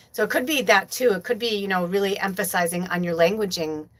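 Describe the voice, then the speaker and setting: A woman's voice: lowish voice, rough recording. Rambling woman hosting a spiritual livestream. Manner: rambling, filler-heavy, heartfelt. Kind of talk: casual live-stream chat.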